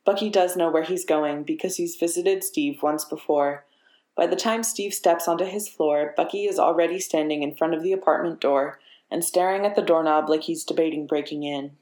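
A woman narrating a story in a steady, measured reading voice. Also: deep voice. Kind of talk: audiobook narration of fiction. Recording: echoey room.

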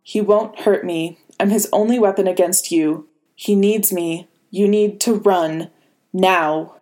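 A woman voicing a fierce, protective middle-aged aunt who speaks in a sharp, urgent way. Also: mid-range voice, fairly even intonation, slow, close to an everyday voice. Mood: tense calm.

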